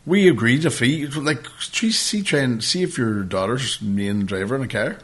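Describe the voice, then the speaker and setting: Swearing and laughing along the way, a male podcast co-host relates a long, lively anecdote in casual talk. His voice is mid-range and his pace moderate.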